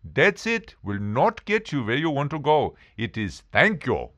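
A man doing a serene old guru, patient and bright-voiced. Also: mid-range voice, sing-song, measured pace.

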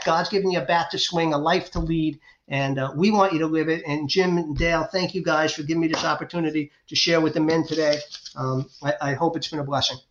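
A man, the guest author on a faith podcast, talking in a fervent preaching way and retelling stories with excitement. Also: a little high, a little hiss or hum. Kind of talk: faith-based podcast interview. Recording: roomy, dull lo-fi sound.

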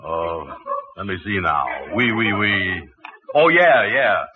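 An actor playing a slow, gullible, good-natured man with a puzzled drawl, in 1940s radio comedy style. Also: lowish voice, big pitch swings. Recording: tinny scratchy old radio broadcast.

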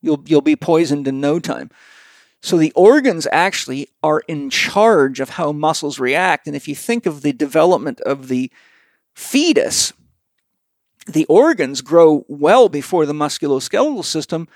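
A man's voice: a little high, a little slow, no room sound, clean studio sound. A man who speaks bluntly and with profanity, telling stories as he explains in a casual conversation. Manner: blunt, profane, animated storyteller. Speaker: guest practitioner.

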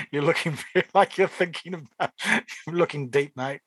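Bright, higher-voiced man bantering. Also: moderate pace, breathy edge, dry recording. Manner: jokey, laughing banter. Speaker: podcast co-host. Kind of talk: casual chat.

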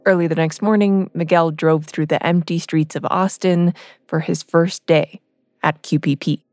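A radio reporter narrating a feature story in a measured, storytelling way. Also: medium pitch, steady tone, a little mellow, no room sound, studio quality, soft background music. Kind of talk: scripted narration.

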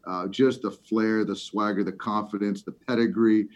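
A middle-aged man, a former ballplayer, chatting about baseball and telling an animated story with lots of fillers. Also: lowish voice, normal speed. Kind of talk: casual sports chat. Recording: slightly muffled lo-fi audio.

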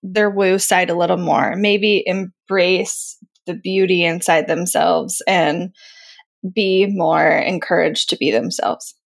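A woman co-hosting a podcast in casual chat, animated, acting out what other people say. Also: lowish voice, slow pace, creaky. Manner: animated, quotes people in a raised voice. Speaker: podcast co-host.

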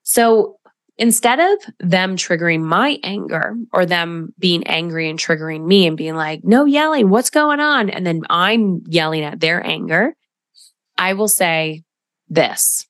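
A woman's voice: fairly low pitch, a little slow, a bit bright, no room sound. A woman hosting a solo podcast, speaking as a coach in a direct manner with emphatic asides.

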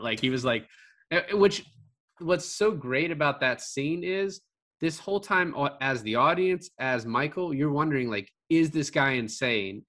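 Man, bright voice, casual film talk, animated, swears for emphasis. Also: medium pitch. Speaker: podcast co-host discussing a film. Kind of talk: casual conversation.

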